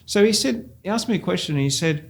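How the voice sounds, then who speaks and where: A man's voice: high voice, fast, gravelly. An Australian man, a real estate agent, telling anecdotes in a casual interview and often laughing as he goes. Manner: animated storyteller, laughs while telling anecdotes.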